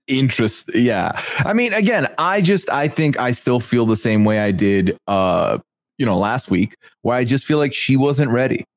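A man hosting a podcast, recapping in casual chat in a measured, reflective way. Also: medium pitch, expressive, no room sound. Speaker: podcast host.

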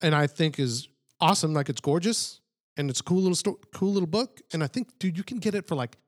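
A man's voice: on the high side, fast. A man co-hosting a casual comics podcast, talking eagerly with lots of fillers. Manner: enthusiastic, many fillers. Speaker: podcast co-host. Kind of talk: casual chat.

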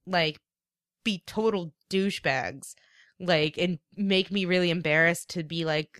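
A woman's voice: fairly low pitch, a little slow, no echo, clean studio sound. A woman co-hosting a podcast, telling stories in casual chat with lots of filler words. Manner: storytelling, animated, many fillers. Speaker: podcast co-host.

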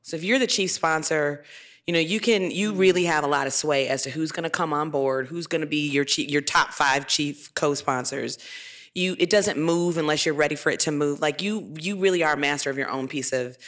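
A woman legislator speaking on a live panel, animated and laughing often as she acts out quoted voices. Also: low voice, fairly quick. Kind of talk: candid panel storytelling at a live taping. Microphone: handheld microphone at a live event.

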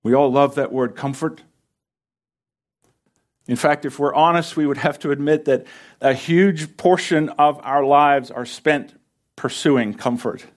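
A pastor preaches an earnest sermon from a lit church stage, driving his points home by repeating them for emphasis. His voice is fairly high and his pace is measured.

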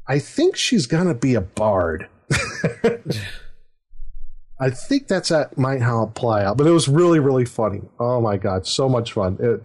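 A man's voice: mid-range voice, a little mellow. A middle-aged man, a dungeon master, telling a story in casual chat, rambling with fillers and chuckles. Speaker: dungeon master, podcast host.

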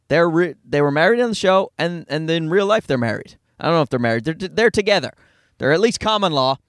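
A middle-aged man with a Newfoundland accent, a stand-up comedian talking fast and profanely in a rambling, self-deprecating monologue from his car. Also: fairly high pitch, no room sound, studio quality. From Newfoundland, Canada. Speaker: stand-up comedian, podcast host.

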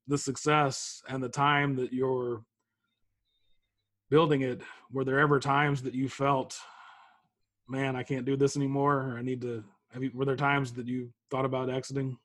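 A male podcast host asking questions in a halting way, restarting his sentences as he goes. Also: medium pitch, little pitch movement, a bit bright, no echo, clean studio sound. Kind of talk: interview questions.

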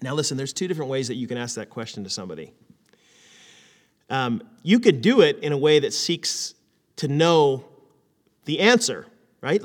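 A man preaching a conversational sermon, animated and full of rhetorical questions. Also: mid-range voice, moderate pace, long pauses, in a large hall. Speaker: pastor.

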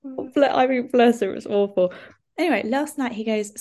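A young woman telling a story in a casual podcast chat, animated, with lots of "like". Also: on the high side, normal speed. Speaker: podcast co-host.

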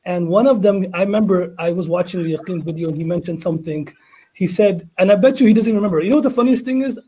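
A man with a fairly high, husky voice talks in a casual religious panel discussion. He tells stories in an animated way and acts out what people said. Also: fast, rough recording. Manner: animated storyteller, acts out dialogue.

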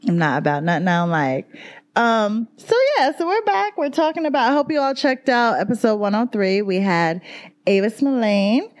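A woman co-hosting a podcast in casual chat, chatty and quick to laugh. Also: medium pitch. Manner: laughs often, lively and chatty. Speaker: podcast co-host.

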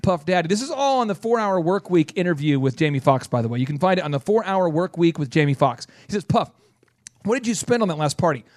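A man with a bright, fairly high voice hosts a business radio show and tells a long story at full tilt. He acts out what people said in quick bursts. His voice sounds close and dry in the studio. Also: expressive, dry recording.

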